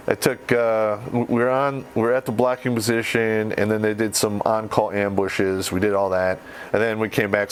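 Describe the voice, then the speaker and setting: A man's voice: lowish voice, slight background noise. A middle-aged man who swears freely while casually telling a war story on a podcast and laughs as he goes. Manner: profane, laughs through the telling.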